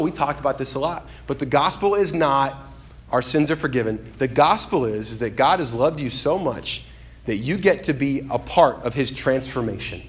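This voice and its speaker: A man preaching a sermon in an animated way, acting out the voices he quotes and swinging between loud and hushed delivery. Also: medium pitch. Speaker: pastor.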